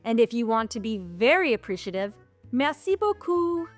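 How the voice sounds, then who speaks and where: Playful canadian lady teaching phrases, kinda high voice, bit of music under it. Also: lively intonation, brisk. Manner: playful, raises pitch when speaking French. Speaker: travel vlogger. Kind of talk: casual teaching chat.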